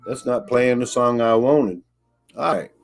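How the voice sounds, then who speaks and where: A man hosting a casual livestream, slowly greeting viewers and thanking chatters by name. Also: mid-range voice, faint music behind. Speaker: livestream host.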